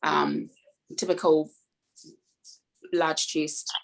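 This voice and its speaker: A hoarse woman in her fifties with a New Zealand accent, chatting frankly as an interview guest. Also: low-pitched, little pitch movement, drawn-out words, low-quality recording. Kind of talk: casual chat.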